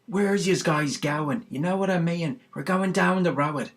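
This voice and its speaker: A man putting on a loud Dublin accent, playing a brash young Dubliner with drawn-out, slangy talk. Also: on the high side, pitched above the performer's own voice.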